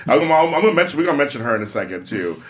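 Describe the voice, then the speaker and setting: A man hosting a casual interview, talking quickly and excitably with many restarts. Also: medium pitch. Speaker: interview host.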